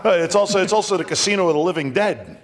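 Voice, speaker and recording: A man's voice: high-pitched, lively intonation, fast talker. Enthusiastic man hosting a radio show. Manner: enthusiastic, stumbling repeats. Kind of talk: casual radio interview.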